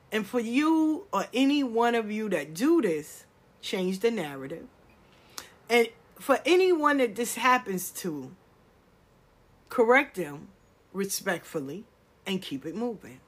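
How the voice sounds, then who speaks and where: A middle-aged woman, hosting a podcast in a blunt, animated casual monologue and swearing freely. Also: on the low side, slightly rough. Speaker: podcast host.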